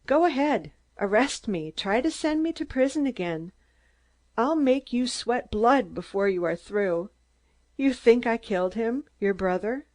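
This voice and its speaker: Shrill, ranting little man in staccato bursts, put on by a female audiobook reader. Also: expressive, unhurried, darkish tone. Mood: gloating. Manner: screaming, staccato outbursts. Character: shrill, excitable small older man, a ranting agitator.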